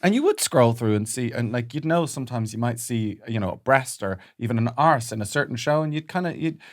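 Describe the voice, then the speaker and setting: A young comedian co-hosting a podcast, rambling in animated casual chat with many fillers. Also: male voice, medium pitch, brisk. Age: young adult.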